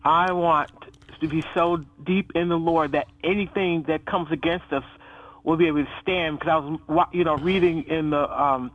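Earnest caller on a muffled line. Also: male voice, on the high side, steady tone, moderate pace, a bit bright. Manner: earnest, hesitant with fillers. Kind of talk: call-in radio talk.

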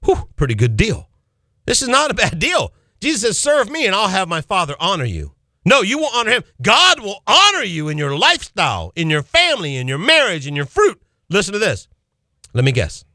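A man preaches on his own Christian call-in radio show, fervent and emphatic, hammering home phrases by repeating them. His voice sits high and swoops up and down with lively energy. The sound is dry and close, straight from a studio mic. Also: a little fast, no echo.

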